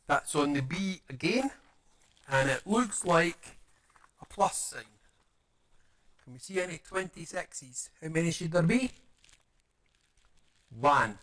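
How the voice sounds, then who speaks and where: Man, chatty build commentary, slow unhurried talk, slightly high voice, goofy sound effects. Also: bright, forceful tone. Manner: playful, mutters to himself, makes silly sound effects. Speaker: paper model builder.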